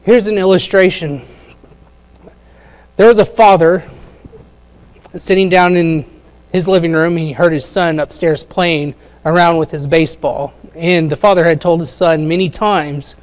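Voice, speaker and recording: A man's voice: a little high, fairly even intonation, a little slow. A man preaching a sermon in a conversational way, with many fillers and questions to the congregation.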